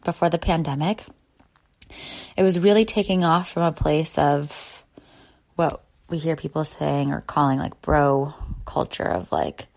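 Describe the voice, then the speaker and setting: A woman in her thirties talks from her bed in a relaxed solo podcast chat. Her voice sits low and has a gravelly fry, and she takes her time, drifting through long pauses and soft sighs. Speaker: podcast host. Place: lying in bed at home.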